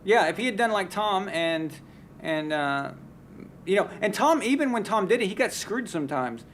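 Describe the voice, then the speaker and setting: Fired-up opinionated man, high voice. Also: very animated, normal speed, fairly bright tone. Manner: opinionated, heated, restarts often. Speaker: sports talk show host. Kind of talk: casual live-stream sports chat.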